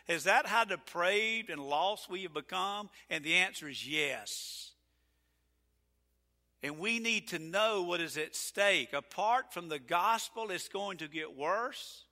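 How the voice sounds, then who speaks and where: Bright-voiced pastor preaching in a hall. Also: male voice, sits high, unhurried. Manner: folksy, emphatic preaching with sudden loud peaks. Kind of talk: sermon. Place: church sanctuary. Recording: reverberant church sanctuary.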